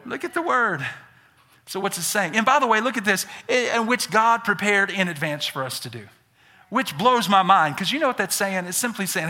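A male pastor from Alabama with a Southern accent, preaching an energetic sermon that builds to shouts on key points. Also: high voice, normal speed. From Birmingham, Alabama.

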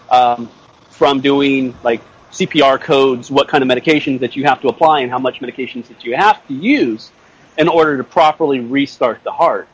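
A Canadian man guest on a podcast, answering in a halting, dry way. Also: mid-range voice, husky, low-quality recording. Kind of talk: casual interview answers.

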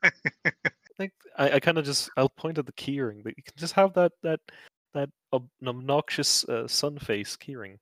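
A man's voice: mid-range voice, animated, normal speed, fairly bright tone, no room sound. Hesitant man at a tabletop game. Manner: hesitant, stop-start phrasing. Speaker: player. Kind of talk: casual tabletop play.

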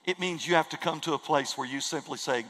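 A man's voice: fairly high pitch, quick pace, fairly bright tone, long reverb tail, poor audio. A man preaching a sermon in a church, earnest and emphatic, repeating key phrases for weight. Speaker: pastor. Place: church sanctuary.

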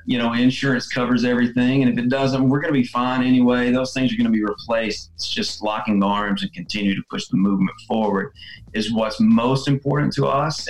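A man guest, a salon owner, telling heartfelt stories in relaxed conversation. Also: mid-range voice. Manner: earnest, heartfelt. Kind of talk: conversational storytelling. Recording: roomy echo, faint music.

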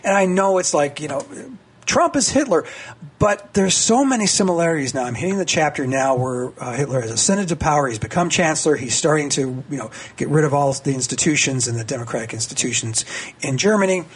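Excitable husky man in his sixties. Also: fairly quick. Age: 60s. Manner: excitable, voice climbing high, many restarts. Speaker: radio guest commentator. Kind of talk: casual political radio chat.

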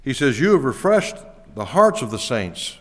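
A man's voice: big pitch swings, moderate pace, fairly bright tone. Emphatic male pastor in a reverberant hall. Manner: emphatic, rising to stress key words, then dropping low. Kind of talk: sermon. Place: church auditorium.

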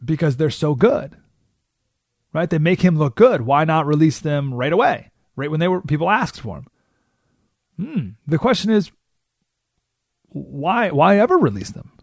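Animated, gravelly male radio host. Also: sits high, no echo, studio quality. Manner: animated storytelling with rhetorical "right?" asides. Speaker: radio talk show host. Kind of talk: political talk radio monologue.

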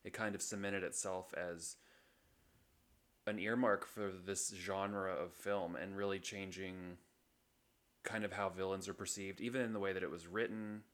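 A man's voice: low-pitched, fairly even intonation, normal speed, a bit bright. A young man co-hosting a podcast in casual chat, rambling and hesitant, with many fillers. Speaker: podcast co-host.

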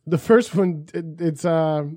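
A man's voice: fairly high pitch, measured pace, mellow, no room sound, studio quality. A man co-hosting a podcast, talking in a blunt, crude and profane casual chat. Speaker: podcast co-host.

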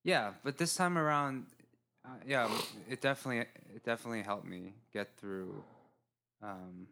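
Bright-voiced halting man. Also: mid-range voice. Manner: halting, restarts often, laughs at himself. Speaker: guest actor and writer. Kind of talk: casual podcast chat.

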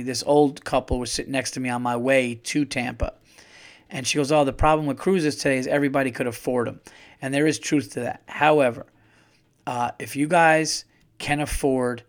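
Rambling, profane man telling stories casually. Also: medium pitch. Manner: loose, profane, rambling with many fillers and restarts. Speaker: podcast host. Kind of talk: casual storytelling monologue.

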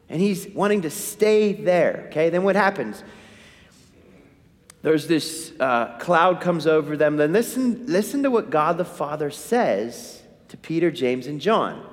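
Guy giving a sermon, high voice, lots of back and forth questions, church echo. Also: a little slow. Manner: animated, asks the congregation questions. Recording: hall reverb.

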